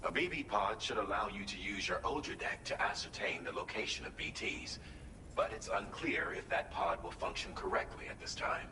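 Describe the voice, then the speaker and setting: An actor voicing a calm male game character who gives a formal mission briefing in a measured way. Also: on the low side, lightly acted. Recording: echoey, distant, noisy game audio.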